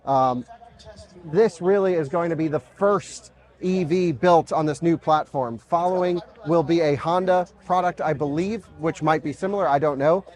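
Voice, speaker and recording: At an outdoor car show, a male car-review host shows off a concept car in a relaxed, excited walkaround, his slightly mellow voice on the high side and his speed normal. He keeps dropping in fillers and side comments.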